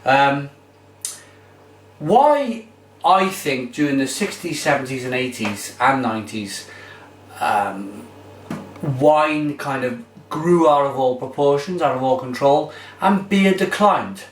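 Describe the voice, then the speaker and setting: A man's voice: mid-range voice, lively intonation, takes it slowly. A man giving a casual, enthusiastic beer tasting review. He rambles with fillers as he talks. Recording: roomy echo, mic far off.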